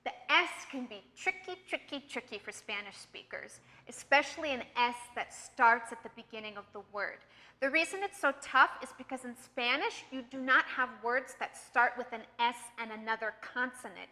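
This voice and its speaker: An American woman coaching accent and pronunciation with a high, bright voice. She talks clearly and patiently, coaxing learners along. The sound trails off in a long reverb. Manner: clear, patient, encouraging teacher talk. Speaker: accent trainer. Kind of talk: online pronunciation lesson.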